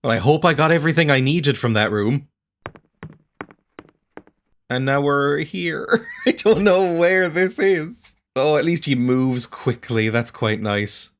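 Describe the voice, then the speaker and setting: A man's voice: a little high, unhurried. A man giving casual, rambling gameplay commentary, poking fun at himself and laughing often. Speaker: let's-play gamer.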